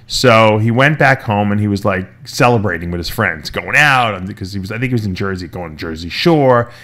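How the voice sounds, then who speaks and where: A man's voice: on the low side, expressive, a little fast, a bit bright. A man hosting a casual talk show, telling a long story with restarts and quoted voices. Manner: rambling, retells stories with quoted voices, many restarts. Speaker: podcast host.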